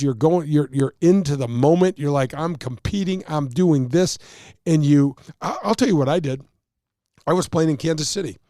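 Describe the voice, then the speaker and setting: A man's voice: fairly high pitch, warm tone, dry recording, clean studio sound. A man, a touring golf pro, explaining rules and telling stories in a casual chat, acting out quotes and laughing at himself.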